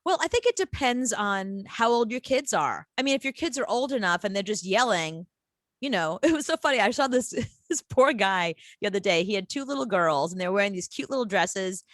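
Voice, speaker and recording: A woman co-hosts a casual radio talk show, telling stories expressively, laughing, and acting out quotes. Her mid-range voice moves fairly quickly, and the recording is dry.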